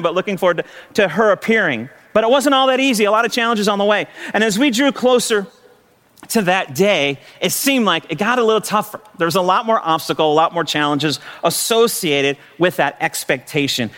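A middle-aged male pastor tells a personal story from the pulpit in a high, quick voice. He is animated, often laughing and restarting his phrases as he goes. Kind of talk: sermon storytelling.

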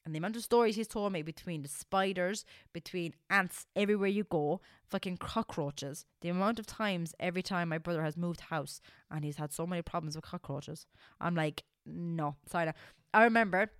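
A woman in her twenties with an Irish accent, co-hosting a podcast in animated, casual chat full of swearing. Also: lowish voice, normal speed, clean tone, dry recording, studio quality. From Ireland. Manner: animated and swearing, says "lads" a lot. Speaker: podcast co-host.

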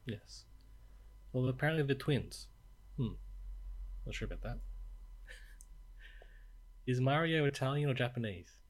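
A man's voice: mid-range voice, animated, measured pace, long pauses. A man co-hosting a casual podcast, quizzing his co-host playfully and laughing often. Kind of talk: casual chat.

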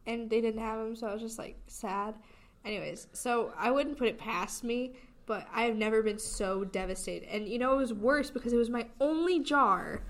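Young woman, podcast co-host, higher voice, casual chat, animated storytelling. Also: normal speed. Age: young adult.

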